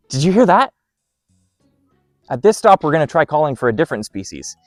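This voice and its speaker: A man's voice: on the high side, big pitch swings, moderate pace, dry recording, clean studio sound, faint music behind. A man hosting an outdoor educational segment by wooded trails, upbeat and playful. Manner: upbeat and playful, doing owl calls. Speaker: park host.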